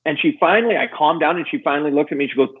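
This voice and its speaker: Middle-aged man, husky voice, fairly high, tinny phone-like sound, animated storyteller. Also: racing. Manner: acts out quoted voices, lively pitch jumps. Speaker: guest.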